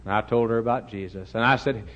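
A man's voice: on the low side, fast. Folksy Texan preacher man, lo-fi. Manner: folksy, humorous, swings from loud to hushed. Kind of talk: storytelling sermon.

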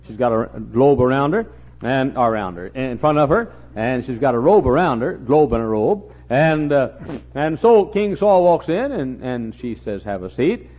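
A man's voice: mid-range voice, animated, moderate pace. A man preaching a sermon as a folksy storyteller, with humorous asides and acted-out voices, in a dull lo-fi recording.

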